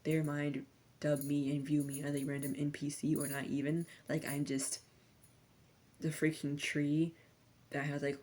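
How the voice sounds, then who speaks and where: A woman's voice: sits low, completely flat delivery, measured pace. A young woman giving a rambling ASMR-style rant, slangy and sardonic, sometimes dropping into whispers. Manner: slangy, sardonic, drifting between soft talk and whispers. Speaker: vlogger.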